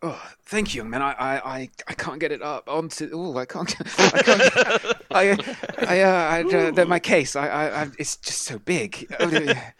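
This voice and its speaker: A man's voice: fairly high pitch, lively intonation, moderate pace, hardly any pauses, pushed and bright, pitched above the performer's own voice. A man voicing a flustered old male traveler who stammers and frets. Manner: stammering, fretful.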